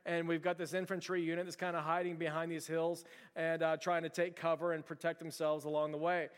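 A man preaching a sermon as pastor, telling stories in an animated, conversational and emphatic way. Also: a little high, fairly quick, smooth, long reverb tail.

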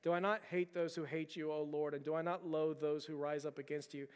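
A man's voice: a little high, little pitch movement, a little fast, smooth, big-room sound. A man preaching a sermon as a pastor, telling a story earnestly with frequent repeated words and restarts.

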